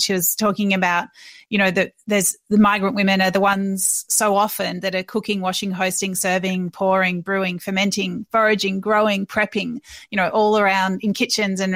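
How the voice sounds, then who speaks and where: A woman podcast host speaks in a warm, enthusiastic, affirming way, with fillers. Her voice sits at a middle pitch. The recording is dry, with no room sound. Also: no echo. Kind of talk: casual interview talk.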